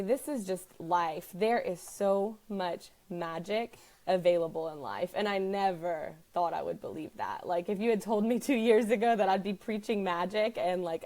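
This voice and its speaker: Woman host, live-stream chat, earnest, filler-heavy, mid-pitched. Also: a little mellow. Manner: chatty, earnest, heavy use of "like". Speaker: wellness business owner hosting a live stream. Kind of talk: casual live-stream talk.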